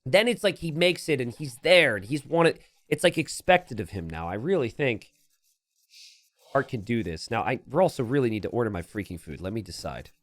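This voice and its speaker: A man's voice: medium pitch, very animated, normal speed. A man streaming live game commentary from his home setup, rambling into self-deprecating jokes and asides. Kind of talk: live game commentary mixed with casual chat.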